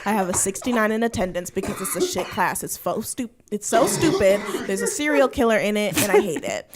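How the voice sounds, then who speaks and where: A woman's voice: medium pitch, animated, brisk, heavy background noise. A young woman co-hosting a casual podcast, ranting with plenty of profanity. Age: young adult. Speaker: podcast co-host. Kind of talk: casual chat.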